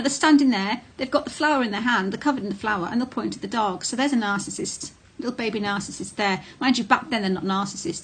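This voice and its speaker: Woman, middle-aged, mid-pitched, candid talk to camera, faint background hiss. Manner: blunt and candid, with many ums and restarts. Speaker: vlogger on narcissistic abuse.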